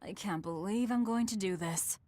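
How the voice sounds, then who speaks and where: A woman's voice: medium pitch, moderate pace, mellow, no echo, natural voice. An actress playing a blunt, cool-headed young woman leader in a game, speaking curtly. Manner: blunt and curt. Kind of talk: game voice acting.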